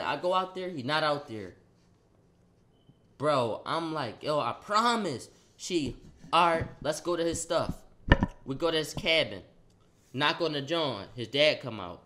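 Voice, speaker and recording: A young man casually telling a story in slang, acting out the quotes loudly. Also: on the high side, animated, moderate pace. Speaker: vlogger.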